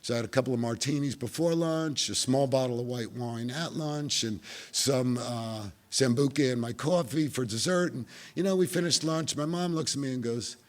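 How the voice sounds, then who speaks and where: At a meeting, a middle-aged New Jersey man tells the story of his recovery with dry humor that pokes fun at himself. He speaks in a medium pitch at a moderate pace, with a clear New Jersey accent.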